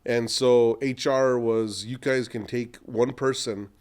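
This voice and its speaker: A middle-aged man, an entrepreneur, telling long animated anecdotes in a podcast interview and acting out what other people said. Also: medium pitch, slow, clean tone. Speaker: entrepreneur guest.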